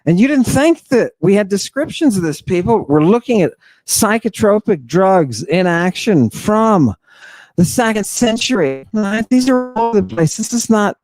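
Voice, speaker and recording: A man hosting a podcast, giving an animated lecture in a casual, slangy way and firing rhetorical questions at his listeners. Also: high-pitched, unhurried, no echo. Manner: emphatic, peppered with rhetorical questions to the audience; casual slang, teasing a co-host. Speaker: host lecturing on ancient texts.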